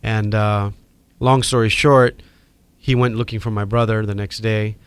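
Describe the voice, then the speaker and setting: A middle-aged man from Hawaii with a Hawaiian accent, telling animated stories as a podcast guest. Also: on the low side, unhurried, clean tone, no echo. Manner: animated storyteller acting out quoted voices. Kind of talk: storytelling in a podcast interview.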